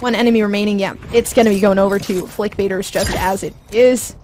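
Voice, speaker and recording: A woman's voice: mid-range voice, steady tone, fast talker. A woman casting an esports match live, often stammering and repeating her words. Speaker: esports caster. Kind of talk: live play-by-play commentary. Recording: clear background noise.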